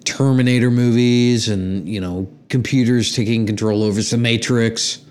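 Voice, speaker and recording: A man's voice: medium pitch, steady tone, moderate pace, darkish tone, clean tone. A man co-hosting a casual podcast, rambling through opinions with plenty of swearing. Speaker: podcast co-host. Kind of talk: casual chat.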